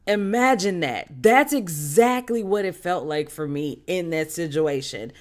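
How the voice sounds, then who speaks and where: A streamer telling a personal story in a casual, animated way, with some slang. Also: mid-range voice.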